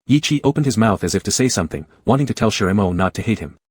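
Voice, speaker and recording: A man narrating a romance comic story in a steady, even reading. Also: lowish voice, rapid-fire, slightly rough, dry recording.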